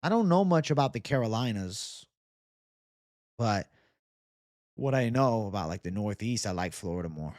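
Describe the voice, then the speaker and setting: Reading viewer comments on his casual livestream, a young male host talks loosely, swearing plenty and using bro-talk. He speaks expressively at a moderate pace with long pauses, in a fairly low, darkish voice; the recording is dry and studio quality.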